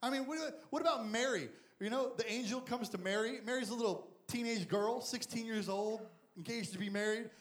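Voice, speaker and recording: A high-pitched man delivers an animated, joking youth sermon, acting out the characters. His voice bounces off an echoey room. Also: fairly quick, hardly any pauses. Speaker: youth pastor. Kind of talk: lively sermon with acted-out Bible characters.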